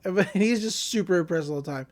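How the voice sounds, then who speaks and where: A woman co-hosting a podcast, casually recapping an anime episode in a lively way, often laughing and acting out the characters' lines. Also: lowish voice, a little fast. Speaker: podcast co-host.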